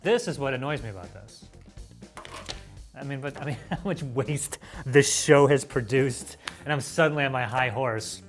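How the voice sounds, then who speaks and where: A man's voice: mid-range voice, animated, moderate pace, faint music behind. A man hosting a food review show, talking in an enthusiastic, jokey, playful way. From United States. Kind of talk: casual food review chat.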